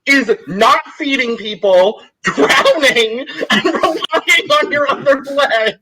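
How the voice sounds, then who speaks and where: A man's voice: extremely high pitch, expressive, slow, pushed and bright, low-quality recording. A man co-hosting a podcast, chatting casually and frankly venting his complaints. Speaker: podcast co-host.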